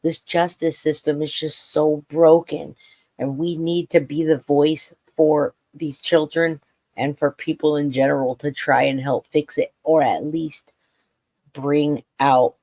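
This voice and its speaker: A man hosts a true crime live chat, blunt and openly emotional as he reacts to a sentencing. He fights back tears and his voice cracks. He speaks in a fairly high, flat tone that sounds dry and close. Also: no echo. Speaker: true crime livestream host. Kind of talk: emotional live commentary on court footage.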